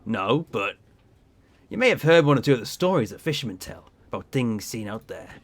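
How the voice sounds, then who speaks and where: A man reading the lines of a gruff old male sea captain who drinks alone, in a slow, heavy storytelling way. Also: mid-range voice, big pitch swings, pitched below the performer's own voice, lightly acted.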